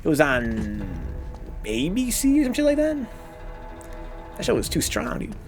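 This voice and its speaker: A man streaming a video game, talking casually with animated, profane, rambling rants. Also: a little high, measured pace, soft background music. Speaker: gaming streamer. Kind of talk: casual let's-play commentary.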